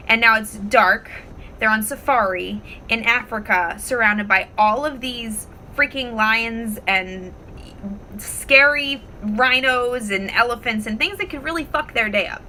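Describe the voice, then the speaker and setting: A woman vlogging at home, talking casually to the camera and telling stories in an expressive, animated way. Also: mid-range voice, a little hiss or hum, rough recording. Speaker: wellness vlogger. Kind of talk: casual talk to camera with storytelling.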